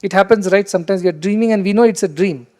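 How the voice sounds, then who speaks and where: A man giving a spiritual discourse, animated and rhetorical, acting out quoted voices as he teaches. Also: high voice, racing.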